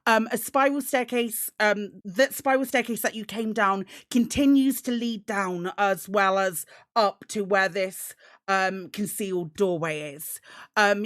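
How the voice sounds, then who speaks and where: A woman narrating as game master of a tabletop game, describing scenes with many pauses and restarts. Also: mid-range voice, fairly bright tone, clean tone, no room sound, clean studio sound. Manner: hesitant, many ums and restarts.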